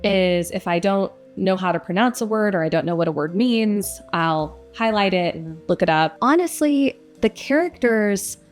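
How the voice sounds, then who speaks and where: A woman's voice: mid-range voice, animated, moderate pace, few pauses, faint music behind. A young woman who narrates audiobooks, answering interview questions in a casual, reflective way with frequent fillers.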